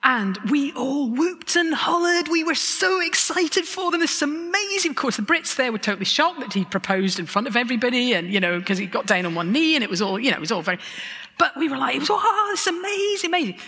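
A woman giving a lively, self-mocking testimony talk, with chuckling asides. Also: high voice, a little fast, few pauses, husky. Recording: long hall reverb.

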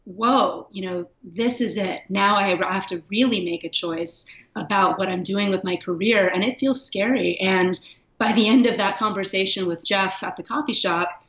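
A woman's voice: medium pitch, moderate pace, a bit bright. A woman guest speaking candidly and reflectively in a casual interview, laughing now and then. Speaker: guest, writer. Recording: echoey, dull lo-fi sound.

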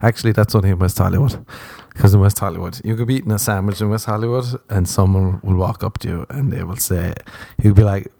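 Profane, rambling Irish man, low dark voice. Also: fast talker, creaky, hardly any pauses, dry recording. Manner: profane, meandering, wry storytelling. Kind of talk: rambling comic monologue.

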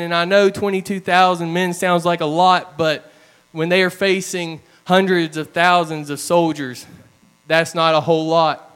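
A man's voice: high voice, a bit bright, smooth. A man preaching a sermon, retelling stories in an earnest, storytelling way.

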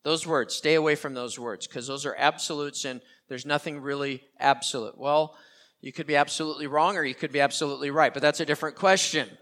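A man's voice: on the high side, fairly even intonation, brisk, a bit bright. An older man preaching a sermon as pastor, earnest and repeating key phrases for emphasis.

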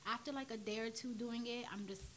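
A woman's voice: fairly high pitch, brisk, slight background noise. A woman chatting casually as a podcast guest, rambling with lots of fillers. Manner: relaxed, rambling with many fillers. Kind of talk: casual chat.

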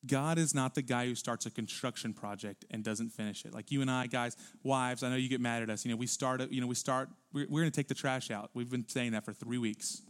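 A male pastor preaching a sermon in a church, animated, rising to loud emphatic peaks and dropping to quiet low asides. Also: fairly quick, few pauses. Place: church sanctuary.

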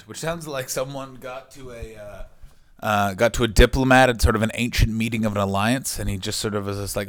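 A man hosting a podcast, ranting comically in a loud, excitable way, swearing and jumping between topics. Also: on the low side, a little fast. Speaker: podcast host. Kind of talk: comic rant. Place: hotel room. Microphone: video call microphone.

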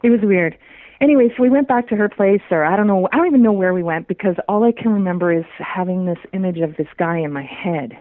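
Lady calling in, tinny dry phone sound, chatty and lively, laughs a lot. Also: fairly low pitch, quick pace, no echo. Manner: animated, laughs often, repeats words. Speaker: guest telling a personal story. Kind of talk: casual storytelling.

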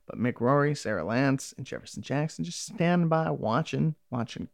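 A man's voice: mid-range voice, expressive, moderate pace, creaky, no echo, studio quality. A man casually recapping a TV episode, rambling and swearing freely as he acts out lines from the characters.

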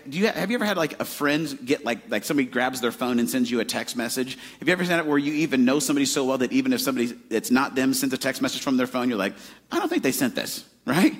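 A man's voice: medium pitch, slightly rough. A man in his forties from Arizona, preaching a sermon in a casual, conversational way with many fillers. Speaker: pastor.

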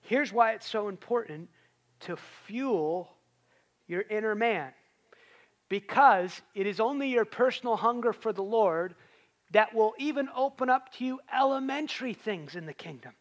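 A man's voice: high-pitched, lively intonation, moderate pace, highs cut off. A man preaching a sermon in a conversational way, rising to emphatic peaks.

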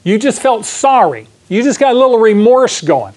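A man teaching a Bible class in a sermon style, asking the room questions and acting out quick asides. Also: extremely high pitch, sing-song, a little mellow.

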